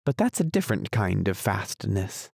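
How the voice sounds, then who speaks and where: A man's voice: on the low side, sing-song, moderate pace, vocal fry, a little mellow, no echo, clean studio sound, exaggerated voice. A man reading an audiobook, voicing a polite, curious young girl who asks earnest questions. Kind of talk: audiobook character voice.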